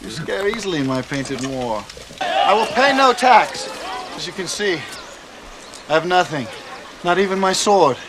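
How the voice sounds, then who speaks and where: Robin Hood, a wry outlaw hero. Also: male voice, sits high, very animated, a little slow, long pauses, background noise. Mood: defiant. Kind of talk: film dialogue.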